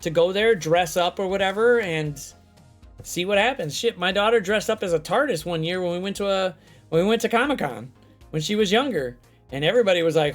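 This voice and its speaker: A man hosting a casual late-night chat, telling stories in an animated, profane way. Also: sits high, a little fast, faint music behind. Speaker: host.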